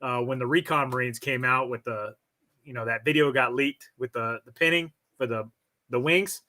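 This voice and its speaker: A man in his forties speaks with a fairly bright, forceful voice. He tells his story frankly and at a measured pace, often restarting a phrase as he works through it. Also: mid-range voice. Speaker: stream guest. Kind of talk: casual storytelling.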